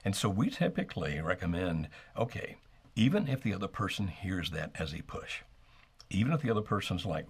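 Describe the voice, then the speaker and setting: Deep raspy guy talking slow and steady, calm advice show vibe. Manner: measured, steady, models calm phrasing. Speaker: co-host giving relationship advice.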